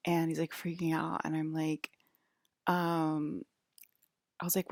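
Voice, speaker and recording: A woman's voice: deep voice, steady tone, moderate pace, no echo, studio quality. A woman talking in a casual, rambling vlog monologue from her bedroom, leaning heavily on the filler "like". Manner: rambling, heavy use of filler "like". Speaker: vlogger.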